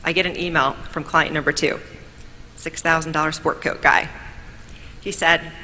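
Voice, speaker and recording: A woman from New York gives an upbeat speech of thanks at an awards event. Her voice is bright and a little lower than most. A long hall reverb trails her words, with faint noise underneath. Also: level tone, normal speed. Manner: grateful, upbeat, storytelling. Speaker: award speaker.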